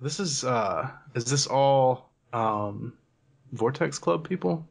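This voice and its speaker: A man talking in a relaxed, hesitant way during a casual online chat with friends. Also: mid-range voice, slow, creaky. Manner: relaxed, laid-back, hesitant with fillers. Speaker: co-host.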